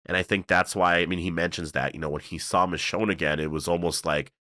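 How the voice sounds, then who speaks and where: Deep-voiced man rambling about a show. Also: quick pace, no room sound, clean studio sound. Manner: rambling, filler-heavy, excitable. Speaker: show reviewer. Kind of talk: casual video breakdown.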